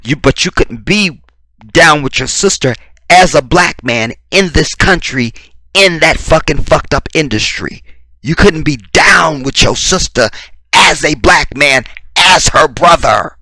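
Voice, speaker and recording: A man's voice: a little high, lively intonation, measured pace, sharp tone, dry recording. A man giving a combative, profane reaction commentary full of rhetorical questions.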